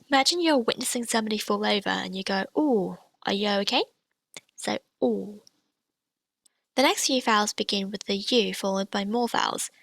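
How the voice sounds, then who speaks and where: Woman teacher with a gravelly edge. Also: medium pitch, a bit bright, dry recording. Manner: clear, patient explanations with demonstrated sounds. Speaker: language teacher. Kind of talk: scripted lesson narration.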